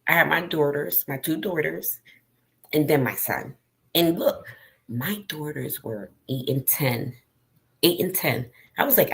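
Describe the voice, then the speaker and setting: A middle-aged woman talks straight to her viewers, slow and deliberate, her low voice full of gravel. She speaks earnestly and with feeling, telling a personal story. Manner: slow, earnest and emotional, addressing viewers directly. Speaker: vlogger.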